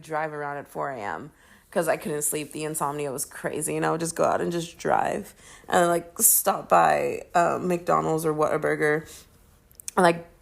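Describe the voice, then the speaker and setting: A young woman hosting a podcast, chatting casually in slangy, animated talk full of "like" and "dude". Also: on the low side. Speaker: podcast host. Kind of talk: casual chat. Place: Texas.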